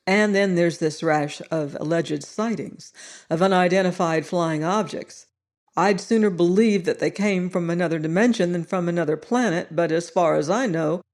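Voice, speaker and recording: A woman's voice: lowish voice, a little mellow. Woman narrating an audiobook. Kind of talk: scripted story narration.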